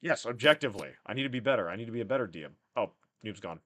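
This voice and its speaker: Animated man running a tabletop game. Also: lowish voice, racing. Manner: joking, self-deprecating, profane. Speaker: game master. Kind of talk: casual livestream narration of a tabletop game.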